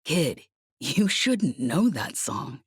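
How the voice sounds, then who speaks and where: A woman's voice: low voice, big pitch swings, drawn-out words, slightly rough, no room sound, full character voice. A woman reading an audiobook, voicing a wary, dryly reluctant man in a space adventure. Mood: wry. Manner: dry and reluctant. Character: wary, wry older male smuggler.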